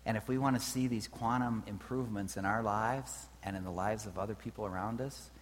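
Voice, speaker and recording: A man's voice: lowish voice, fairly even intonation, fairly quick. A man preaching a sermon in a conversational way, often checking in with his listeners. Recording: reverberant hall with faint hum.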